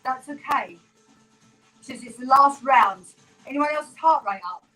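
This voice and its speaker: In an unhurried way, a fitness instructor runs a live home workout, counting reps with upbeat encouragement while a little out of breath. Her pitch is high and her tone bright. The audio comes from a camera mic across a small terraced-house room, sounding roomy and distant with faint workout music.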